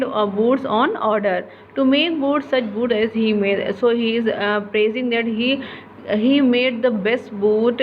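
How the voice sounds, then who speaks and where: A woman explaining a literature lesson, halting with many fillers and restarts. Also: a little high. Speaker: teacher. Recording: dull lo-fi with faint noise.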